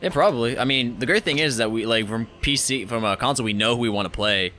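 A man hosting a gameplay video, chatting casually in an excitable, profane, rambling way. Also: mid-range voice, quick pace, faint music behind. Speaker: gaming channel host.

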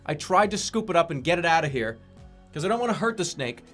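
A young man with a high, lively voice, chatting and swearing his way through a game stream. He rambles, laughs often and jumps up and down in pitch. Game music runs clearly underneath. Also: fast talker. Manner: rambling, profane, laughs a lot. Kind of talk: casual let's-play commentary.

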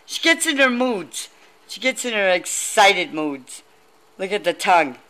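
A woman's voice: medium pitch, lively intonation, takes it slowly, background noise. A woman filming her dog on a handheld tablet at home by a window, calling to it in a sing-song, coaxing baby-talk voice. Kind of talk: casual home video talking to a dog. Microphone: tablet held in hand.

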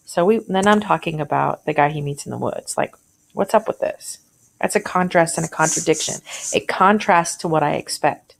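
A woman's voice: low voice, moderate pace, vocal fry. A woman teacher walking through a short story in a conversational way, thinking aloud and asking questions as she annotates.

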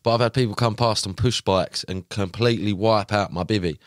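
Young man, low voice, dry close sound, animated storyteller, slangy guest. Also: a little fast, no room sound. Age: young adult. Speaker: podcast guest, carp angler. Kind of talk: casual chat.

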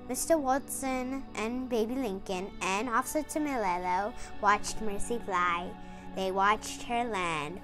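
A woman reading a children's picture book aloud in slow, expressive storytelling. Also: mid-range voice, faint music behind.

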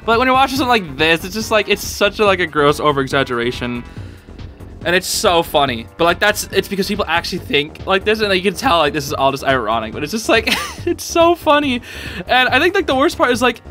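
A man's voice: sits high, animated, fast, bright, forceful tone, soft background music. A young man hosting a casual reaction video, laughing often and talking in loose slang full of fillers. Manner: giggly, filler-heavy slang talk.

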